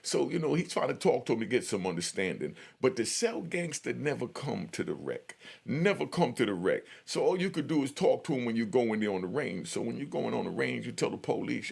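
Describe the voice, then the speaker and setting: Gravelly, husky-voiced middle-aged man storyteller. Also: mid-range voice, big pitch swings, brisk, few pauses, darkish tone. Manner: loose street talk full of "you know" fillers. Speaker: prison storyteller. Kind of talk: casual spoken storytelling.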